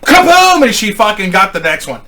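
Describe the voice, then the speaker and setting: Profane, bright-voiced man telling a tale. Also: fairly high pitch, normal speed. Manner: profane, rambling, animated storytelling with acted quotes. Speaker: storyteller. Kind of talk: crude casual anecdote.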